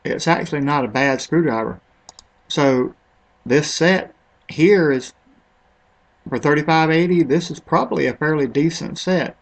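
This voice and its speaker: A man with a voice on the high side talks a little slowly, pausing often, in casual screen-recorded commentary on a product comparison. He's offhand and rambling, sometimes unsure how to pronounce words.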